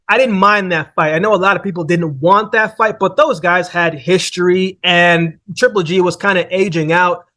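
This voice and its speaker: A man's voice: sits high, fairly bright tone. A man hosting a casual boxing breakdown, talking conversationally and often tossing in "man" and "right?". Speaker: boxing analyst host.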